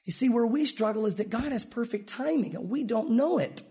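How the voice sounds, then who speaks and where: A middle-aged man preaching a sermon, animated, acting out the voices of people in his story. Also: extremely high pitch, fairly quick. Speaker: pastor.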